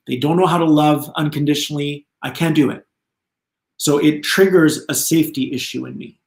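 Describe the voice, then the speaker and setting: Chatty man in an echoey room. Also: medium pitch. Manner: animated, chatty, laughs often. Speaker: spiritual channeler, host. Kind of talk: live spiritual talk.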